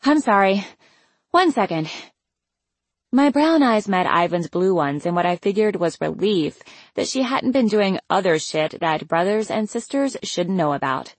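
A woman reading an audiobook, voicing an excitable young woman, a teasing best friend who talks loudly with plenty of exclamation. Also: medium pitch, unhurried, no room sound. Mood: breathless teasing. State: out of breath. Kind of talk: audiobook character voice.

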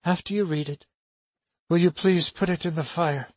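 A man reading an audiobook, voicing a frail young woman who speaks softly and huskily. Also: on the high side, steady tone, moderate pace, no echo, pitched above the performer's own voice, close to an everyday voice. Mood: pleading. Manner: soft, quiet, husky. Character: frail, fragile young woman, soft and husky.

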